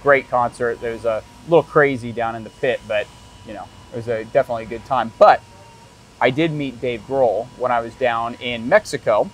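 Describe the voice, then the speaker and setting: A man interviewing a guest, telling anecdotes with animated impressions of the people in them. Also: mid-range voice, brisk, slight background noise, poor audio. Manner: animated anecdote teller, acts out voices. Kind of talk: casual interview chat.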